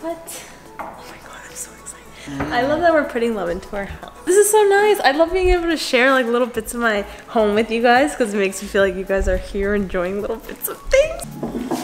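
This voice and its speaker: A woman's voice: a little high, very animated, fairly quick, music in the background. A young woman chatting casually to her vlog camera, bubbly and gushing. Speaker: vlogger.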